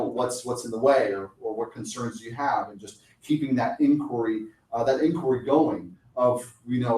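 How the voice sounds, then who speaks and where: A man of middle pitch leads a lunchtime sales workshop in a relaxed, conversational way. He often acts out brief back-and-forth lines between seller and client. The sound is roomy, picked up from a distance. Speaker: sales coach. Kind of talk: lunch talk presentation. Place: meeting room. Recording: echoey room, mic at a distance.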